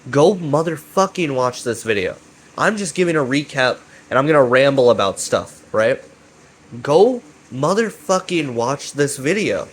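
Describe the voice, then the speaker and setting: A man talking through a story recap in a loose, rambling way. He gets worked up and swears freely, circling back over the same points. He keeps dropping a quick "right?" to the listener. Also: mid-range voice, husky. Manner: excitable, profane, repeats himself and keeps asking "right?". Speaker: YouTube commentator.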